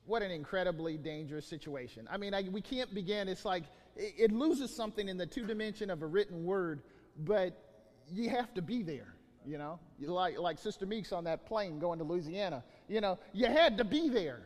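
A man preaching a sermon as the pastor, telling stories with many restarts and lively emphasis. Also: high voice, moderate pace, big-room sound. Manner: animated storytelling with many restarts.

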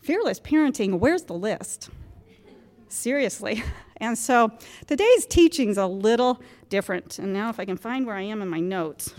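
Speaking to a gathering of mothers in a church gym, this guest speaker in her fifties offers a frank, self-deprecating personal talk and laughs a lot. Her medium-pitched voice is expressive and darkish at a normal speed, with a long reverb tail.

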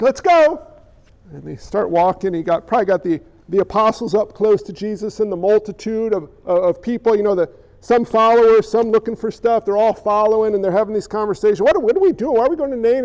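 A man. He tells the story vividly, slipping into characters' voices and dropping to a hush for tender moments. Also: sits high, quick pace, highs cut off. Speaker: pastor. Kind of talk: sermon with acted-out scenes.

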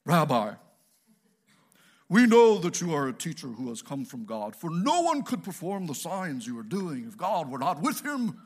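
A man's voice: fairly high pitch, sing-song, normal speed. A man voicing a pious, prideful male Pharisee in a stiff, solemn way.

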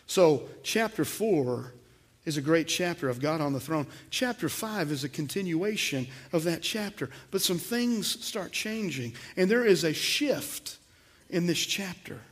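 A man preaching a sermon to his congregation, emphatic, with swells in volume and repeated words. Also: high-pitched. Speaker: pastor.

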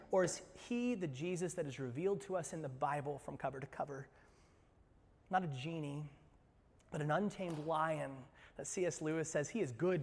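A man preaching a sermon as pastor, animated, swinging from loud bursts to quiet low asides. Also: in a large hall. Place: church sanctuary.

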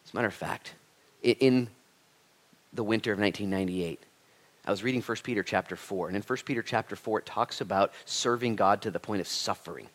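A male pastor preaching a sermon in church, animated and frank, acting out quoted speech with humor. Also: on the low side, a little fast. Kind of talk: sermon with storytelling.

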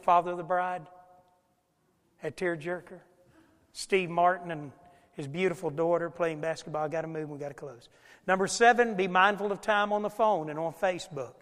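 An older man, a pastor preaching a folksy, animated sermon with loud bursts in a church. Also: high-pitched, long reverb tail. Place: church sanctuary.

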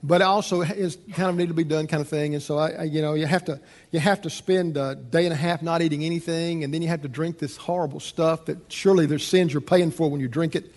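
A man preaching a sermon as pastor, animated and acting out the people in his story. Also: fairly high pitch, fast. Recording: long hall reverb.

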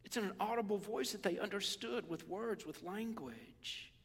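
A man preaching a sermon in a conversational, animated way, sometimes dropping to a whisper. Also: high voice, normal speed, slightly rough, in a large hall. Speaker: pastor.

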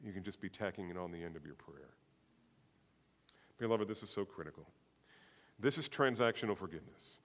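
Animated male pastor in a reverberant hall. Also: low-pitched, brisk, long pauses. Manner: animated, rhetorical questions, swings from loud emphasis to quiet. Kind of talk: sermon. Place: church service.

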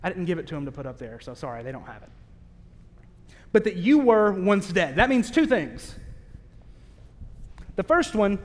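High-voiced preacher in a reverberant hall. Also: male voice, big pitch swings. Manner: candid, conversational, with self-aware asides; emphatic, slow-stressed key phrases. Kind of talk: sermon. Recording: long reverb of a large hall.

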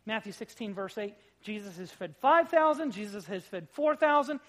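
A pastor preaching a sermon in a conversational, joking way, swinging between loud emphasis and quiet asides. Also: mid-range voice, lively intonation, moderate pace. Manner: conversational, with jokes and acted-out quotes.

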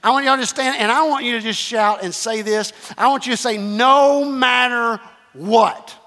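High-voiced, bright preacher in a hall. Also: male voice, fairly even intonation, quick pace. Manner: repetitive, emphatic preaching with call-and-response. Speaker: pastor. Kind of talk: sermon.

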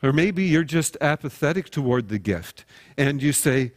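Man, pastor, slightly high voice, sermon, storytelling, acts out little dialogues. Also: lively intonation, normal speed. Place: recorded without in-person congregation.

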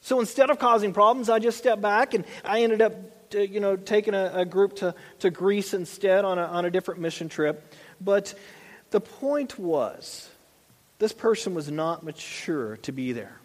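A long hall reverb surrounds a man preaching a conversational sermon as a pastor. His high-pitched voice moves at a moderate pace, and he frequently repeats and restarts phrases.

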